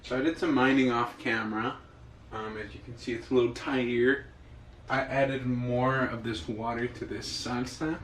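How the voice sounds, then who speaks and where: A man's voice: medium pitch, steady tone, moderate pace, a bit bright. Joking young man in an echoey kitchen. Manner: jokey, rambling, self-amused. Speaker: cooking vlogger. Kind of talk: casual cooking vlog chat. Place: home kitchen. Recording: echoey kitchen with cooking noise. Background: frying and sizzling.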